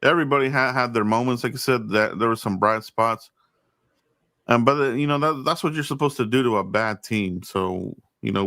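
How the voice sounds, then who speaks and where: Male host, mid-pitched and loose, laughing, chatty sports banter, dry recording. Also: fairly bright tone, no echo. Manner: loose, laughing, stammering restarts, hype asides. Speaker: podcast host. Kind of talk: casual sports chat.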